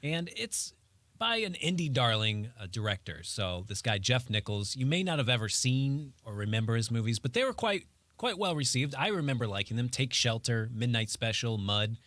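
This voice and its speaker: A man's voice: medium pitch, sing-song, moderate pace, a bit bright, dry recording. A young man, a radio show producer, reviewing a movie in a casual, joking, wry way. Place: radio studio.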